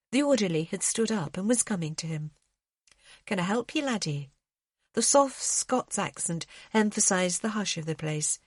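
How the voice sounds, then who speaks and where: A woman narrating an audiobook in a measured way, slowing on grave passages. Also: medium pitch, dry recording, clean studio sound. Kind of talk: scripted narration.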